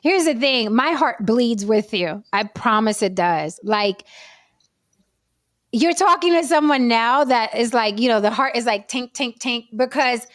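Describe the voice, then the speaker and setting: Animated, theatrical woman, higher voice. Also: measured pace, no room sound, studio quality. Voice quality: animated and theatrical, swears freely. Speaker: actress and panelist. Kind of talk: casual panel chat.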